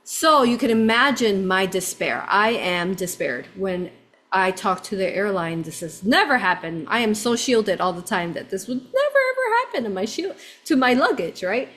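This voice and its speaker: A woman's voice: mid-range voice, normal speed. Woman telling a story expressively. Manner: expressive, swinging between hushed and excited. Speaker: spiritual channeler. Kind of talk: live personal storytelling.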